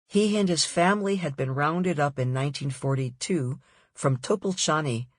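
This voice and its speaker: A woman author reading her own nonfiction audiobook in a measured, deliberate way. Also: deep voice, no echo, clean studio sound.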